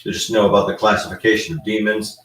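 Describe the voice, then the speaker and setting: A man's voice: fairly low pitch, fairly even intonation, quick pace, echoey room, far from the mic, crowd noise, low-quality recording. A man guest explaining his research in a casual live-stream chat, rambling with frequent fillers. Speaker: guest demonologist.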